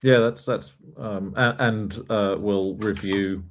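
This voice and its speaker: A man's voice: fairly low pitch, fairly even intonation, slow pace, slight background noise. A man hosting a live coding stream, chatting playfully and casually. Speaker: host.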